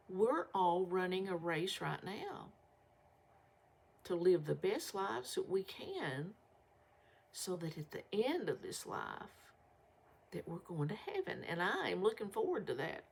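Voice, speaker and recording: A woman's voice: medium pitch, sing-song, measured pace, creaky, darkish tone, breathy edge. An older woman, chatting folksily and rambling to her viewers as a vlog host. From Southern United States. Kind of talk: casual chat to viewers.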